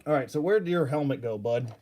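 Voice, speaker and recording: Rambling, jokey man at mid pitch. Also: animated, fast, darkish tone, slight background noise. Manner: jokey, rambling, laughs often, loses his train of thought. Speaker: toy collector. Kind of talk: casual rambling vlog.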